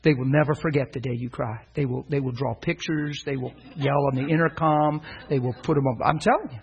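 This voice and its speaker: Husky-voiced preacher telling an animated story. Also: male voice, medium pitch, brisk, highs cut off. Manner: animated storyteller acting out dialogue. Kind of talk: sermon storytelling.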